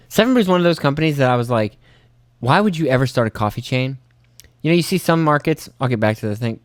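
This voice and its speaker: A young man hosting his own podcast, telling rambling, profane stories and acting out his own panicked reactions in jumps to a high voice. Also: no room sound. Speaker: podcast host. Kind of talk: casual solo storytelling.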